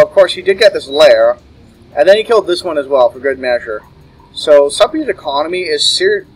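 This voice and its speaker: A man's voice: a little high, slightly rough, rough recording. A young man giving casual solo commentary on a strategy game match, chuckling and correcting himself as he goes. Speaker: esports caster.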